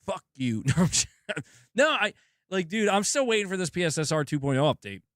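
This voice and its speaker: Male streamer, sore throat, loose and profane, lively swinging pitch, dry close sound. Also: a little fast, no room sound. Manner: laid-back, swears a lot, laughs often. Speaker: gaming channel host. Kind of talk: casual livestream chat.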